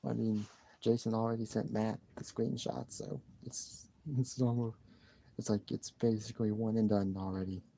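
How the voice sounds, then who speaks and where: A man's voice: fairly low pitch, little pitch movement, normal speed, creaky, dark tone. A man chatting casually on a live stream, rambling and repeating himself with sighs and restarts.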